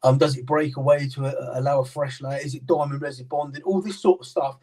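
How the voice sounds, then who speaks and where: Far from the mic on a low-quality recording, a British man explains his knife-sharpening work as a guest on a live stream. He's a sharpener and maker, chatting casually with lots of fillers and restarts, his medium-pitched voice steady, fairly quick, and mellow.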